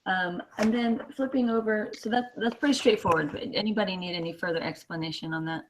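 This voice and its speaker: A woman's voice: mid-range voice, fast, slight background noise, rough recording. A woman teaching a classroom lesson, explaining patiently step by step with many fillers. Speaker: Spanish teacher.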